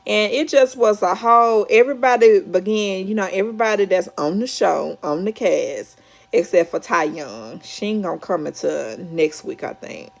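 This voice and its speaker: A woman's voice: mid-range voice, normal speed, gravelly. A woman hosting a casual reality show recap, chatty and storytelling, acting out quotes with laughs.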